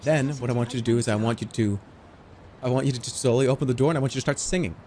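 A man streaming, goofing around and swinging between low mumbles and shouts. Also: fairly even intonation, rapid-fire, a little hiss or hum. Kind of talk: livestream commentary.

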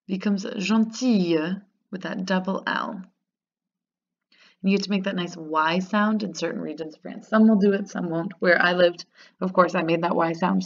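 Upbeat woman teaching grammar, dull audio. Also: lowish voice. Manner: upbeat, explains patiently and repeats words slowly. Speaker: French teacher. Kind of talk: recorded grammar lesson. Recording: dull lo-fi sound.

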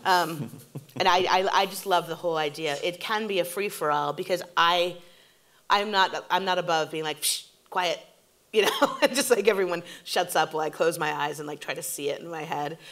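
Low-voiced animated woman telling stories. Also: a little fast. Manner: animated storytelling, acting out quotes. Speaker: TV showrunner and guest. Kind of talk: onstage interview conversation.

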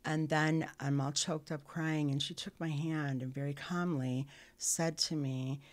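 A middle-aged woman, a podcast guest, telling her life story candidly, earnest and halting with frequent restarts. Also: sits low, steady tone.

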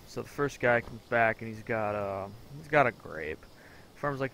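A man's voice: fairly low pitch, brisk, a bit bright, slight background noise. A man commentating a game playthrough in a crude, rambling, profane way. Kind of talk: casual let's-play commentary.

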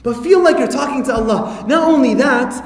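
A man giving a lively religious talk to an audience, full of rhetorical questions and playful asides. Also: extremely high pitch, a little fast. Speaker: Islamic lecturer. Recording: echoey hall reverb.

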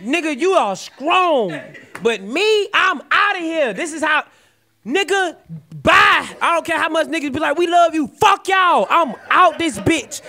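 A man with a Southern US accent riffing loudly on a comedy podcast, animated and profane, swinging between yelling and mumbling. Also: very high-pitched, a little slow. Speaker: comedian co-host.

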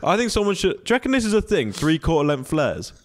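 A playful man co-hosting a casual podcast, teasing his friend and laughing often. His voice sits a touch high and leaps all over the place in pitch. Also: very animated, fast. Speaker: podcast co-host. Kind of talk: casual chat.

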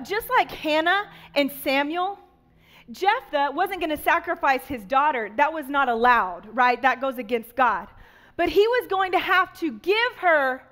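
High-voiced woman preaching to kids. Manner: animated storytelling, addresses kids as "y'all". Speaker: children's pastor. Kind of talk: children's sermon.

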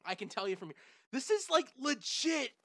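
A young gaming channel host reacting to a movie trailer, hyper and loud, shouting and laughing. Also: high voice, sing-song, normal speed, breathy edge. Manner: hyper, shouts and laughs, lots of "bro" and "oh my gosh".

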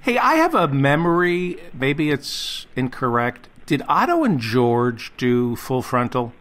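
A man's voice: mid-range voice, very animated, slow, a bit bright. A man, a comedian guest in a casual chat, asking eager questions and laughing easily.

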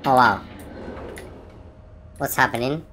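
In her room at home, a woman running a gaming channel plays a horror game and lets out jumpy, scared exclamations and gasps. Her voice is extremely low, a bit bright, and slow, with slight background noise.

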